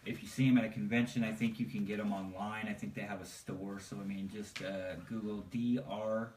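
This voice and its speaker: A man's voice: lowish voice, steady tone, brisk, darkish tone. A man chatting casually about comics on a podcast, rambling with lots of fillers and laughing as he retells things. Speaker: podcast co-host. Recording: echoey room, mic at a distance, faint hiss.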